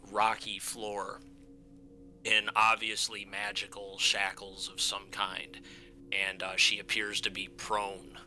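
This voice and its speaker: Low-voiced, forceful game master. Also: male voice, a little hiss or hum. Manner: halting, many fillers. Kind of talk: narrating a tabletop game.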